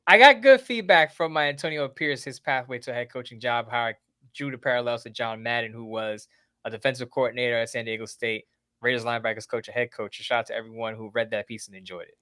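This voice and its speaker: A man guesting as a sports writer, working through his points one by one in an orderly way. His voice is bright and crisp at a middle pitch, and sounds dry and close. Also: fast, no room sound. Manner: methodical, lays out lists of teams and plans. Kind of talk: casual sports talk.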